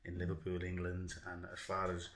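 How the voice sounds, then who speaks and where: A man's voice: deep voice, monotone, fairly quick, background noise. A man hosting an interview, asking questions in an easygoing, casual way and agreeing often. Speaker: host. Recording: echoey room.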